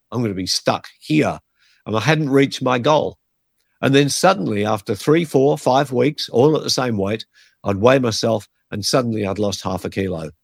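A man's voice: mid-range voice, no echo. Man, pastor, earnest conversational teaching, dry close-miked sound. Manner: earnest, conversational, gives numbered points. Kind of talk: podcast teaching on faith and health.

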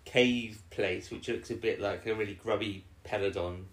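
A woman recapping an episode in casual chat with a co-host, rambling along and now and then putting on quick voices for the characters. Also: extremely low pitch, steady tone. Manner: rambling recap with brief put-on quoted voices. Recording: echoey room.

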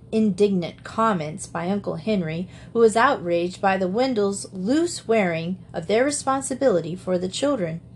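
Steady woman reading a storybook. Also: medium pitch, slight background noise. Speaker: audiobook reader. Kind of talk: storybook narration.

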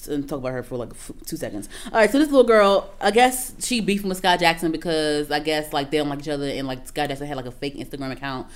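A woman's voice: low-pitched, fast talker, few pauses. A woman co-hosting a casual gossip chat, rambling and profane with many restarts. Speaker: podcast co-host.

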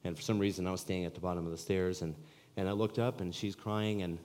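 Male pastor, from California, somewhat low voice, earnest storytelling sermon, long church-hall reverb. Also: fairly even intonation, fast talker, a little mellow. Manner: earnest conversational storytelling preaching.

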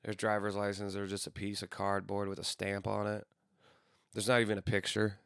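A man's voice: fairly low pitch, monotone, brisk, gravelly, fairly bright tone, clean tone, no echo, clean studio sound. A man in his thirties rambling through casual, profane stories with frequent restarts. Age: 30s.

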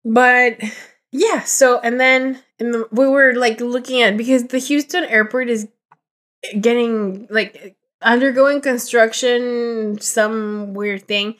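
A young woman co-hosting a casual podcast chat, her voice sitting a little high. She rambles through stories with plenty of fillers and acts out what people said. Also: steady tone, slow, a bit bright. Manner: rambling storytelling with many fillers and acted quotes. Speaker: podcast co-host.

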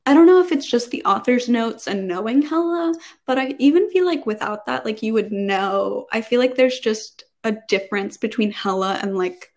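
A talkative young woman with a fairly high voice, co-hosting a relaxed podcast. She rambles a little, stacking fillers as she works through her thoughts. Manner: chatty, many fillers, reads passages aloud. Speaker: podcast co-host. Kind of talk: casual podcast chat.

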